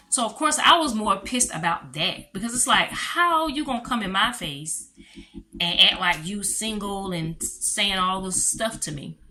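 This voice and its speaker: A bright, forceful woman speaking tells a storytime vlog to her viewers, her pitch swinging high and low as she goes. Soft music plays behind her. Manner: animated, talks straight to viewers, calls them y'all. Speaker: vlogger.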